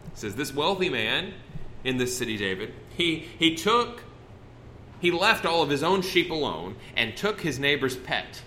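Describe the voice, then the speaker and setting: A man's voice: mid-range voice, bright, forceful tone, slight background noise. A man preaching a sermon in a conversational, folksy way, often breaking off and restarting his sentences. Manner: conversational, folksy, with self-interruptions.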